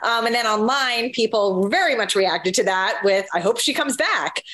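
A woman's voice: on the high side, moderate pace, a bit bright. A woman interviewing a guest and asking long, flowing questions.

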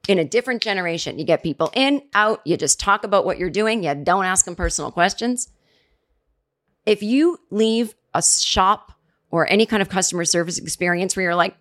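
A woman's voice: mid-range voice, animated, moderate pace, a bit bright. A middle-aged woman hosting a comedy podcast, delivering a sarcastic, profane comedic rant. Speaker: podcast host. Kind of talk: comedic monologue.

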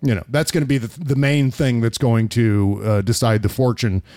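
A man's voice: medium pitch, steady tone, moderate pace, a little mellow. Man ranting profanely in political commentary. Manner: heated, profane ranting with many restarts. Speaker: podcast host.

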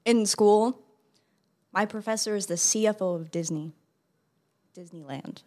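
A podcast guest making dry, deadpan jokes in casual banter. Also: medium pitch, measured pace.

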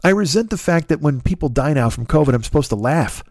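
Host type: male comic, ranting and sarcastic, slightly high-pitched, dry recording. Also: lively intonation, fast talker, a little mellow, no echo. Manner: ranting, sarcastic, acts out voices of others. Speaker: podcast host. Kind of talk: profane comedic monologue.

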